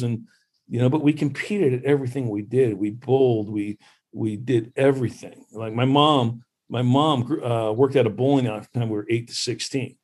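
A man who played professional baseball, a guest telling lively stories about growing up competing with his brother. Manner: animated storyteller, mimics others in high voices. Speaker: podcast guest, former pro baseball player. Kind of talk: casual storytelling chat.

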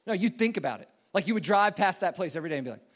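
A man's voice: high voice, expressive, rapid-fire. A man preaching a sermon in a casual, rambling storytelling way, full of fillers and restarts. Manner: acts out quoted voices in a story.

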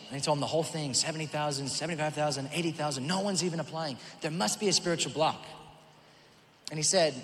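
A man's voice: on the high side, very fast, fairly bright tone, a little hiss or hum. A man preaching a sermon, retelling a story with quoted dialogue and letting his voice drop for the quotes. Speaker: pastor. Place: large church hall. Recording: long hall reverb, faint ambience.

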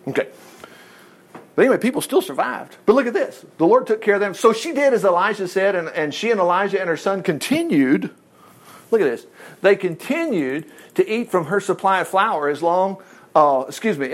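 A man, preaching a sermon as a pastor in a folksy, animated way, jumping between loud exclamations and quiet asides. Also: sits high.

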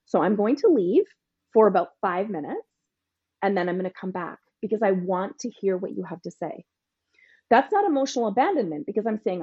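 Answering an interview question on a podcast, a coach delivers her points emphatically, occasionally playing out parent and teen roles. Her medium-pitched voice is mellow, husky, and sing-song, and she talks briskly. The sound is dry and slightly dull, without room sound.

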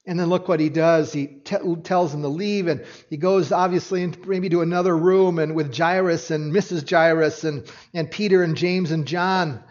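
A man preaching a sermon, earnest and expressive, swinging from hushed, quiet passages to emphatic ones. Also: fairly high pitch, normal speed, hardly any pauses, dull audio. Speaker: pastor.

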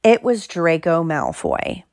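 A woman reading a novel aloud in measured scripted narration, close to the mic. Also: low-pitched, huge pitch swings, creaky, no room sound. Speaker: audiobook reader.

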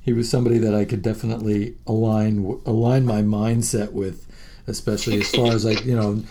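Animated man telling rock stories. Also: lowish voice, brisk. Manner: animated, profane, laughs through stories. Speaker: musician guest. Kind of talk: casual storytelling interview.

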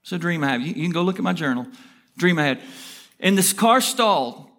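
Energetic rushing male pastor preaching. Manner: energetic, rushing storyteller with rising emphatic pitch. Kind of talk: sermon.

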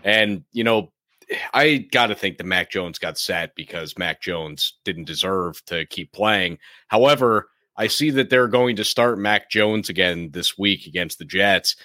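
Deep-voiced laid-back man, bright edge. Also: unhurried, dry recording, clean studio sound. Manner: laid-back, blunt, mild swearing. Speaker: sports podcast co-host. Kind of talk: casual sports talk.

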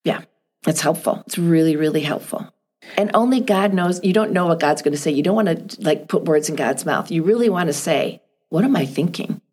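A middle-aged woman speaking gently and thoughtfully on a podcast, asking reflective questions. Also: low voice, fairly quick. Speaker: guest.

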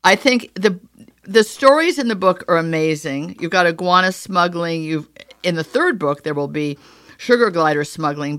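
A woman's voice: low voice, no room sound, studio quality. A woman hosting a podcast, thanking her guest and reading the show's sponsors. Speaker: podcast host. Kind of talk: podcast interview and sponsor read.

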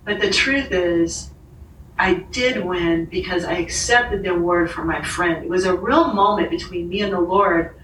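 Bright, animated woman telling a story. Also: lowish voice, unhurried, echoey room, recorded from a distance, slight background noise, low-quality recording. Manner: animated storyteller, laughs often, acts out quoted voices. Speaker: author and podcast guest. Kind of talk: storytelling in a conversation.

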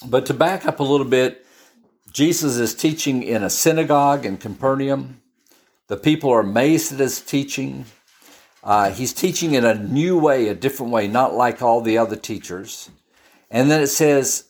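Brief: male preacher, mid-pitched, conversational Bible teaching full of asides and restarts. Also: moderate pace. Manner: chatty and storytelling, with frequent restarts and asides.

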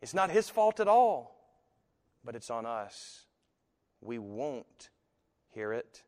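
A man preaching a sermon as pastor, swinging from hushed, slow phrases to loud, emphatic ones. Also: mid-range voice, sing-song. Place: church sanctuary. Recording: long hall reverb.

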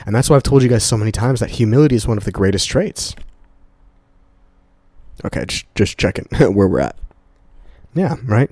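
A young man hosts a casual motivational podcast alone from his condo, his medium-pitched voice mellow and recorded at studio quality with no room sound. He addresses listeners directly as "guys," speaking earnestly and profanely and repeating words for emphasis.

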